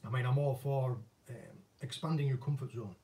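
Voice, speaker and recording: A man's voice: medium pitch, normal speed, mellow. A man with a northern English accent, chatting casually and self-deprecatingly as an angling vlogger answering viewer questions. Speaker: angling vlogger and former commercial fisherman. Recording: voice a bit distant from the mic.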